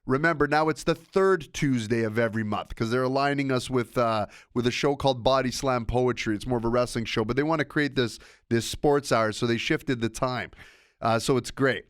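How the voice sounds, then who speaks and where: A man's voice: medium pitch, moderate pace, smooth, no room sound, clean studio sound. A man hosting a sports podcast alone, talking in a rambling, self-interrupting, casual way. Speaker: podcast host. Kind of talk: casual solo podcast monologue.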